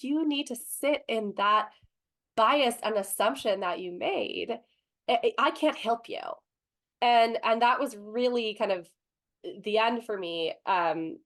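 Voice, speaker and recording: A woman in her thirties speaking on a panel, telling stories in a calm, earnest way. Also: medium pitch, normal speed. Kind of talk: panel discussion.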